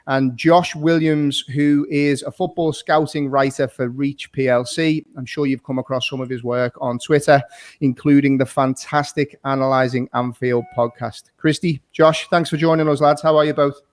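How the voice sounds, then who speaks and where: A man's voice: medium pitch, fairly even intonation, normal speed. A man hosting a casual football podcast, friendly, laughing often and restarting his words. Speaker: podcast host.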